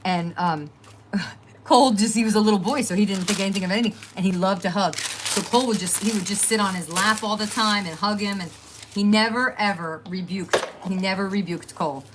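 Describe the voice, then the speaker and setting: A woman's voice: mid-range voice, fairly quick, background noise. A middle-aged woman hosting a crafting livestream at home, rambling and chatty as she talks to viewers and trails off with fillers. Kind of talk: casual chat to live viewers.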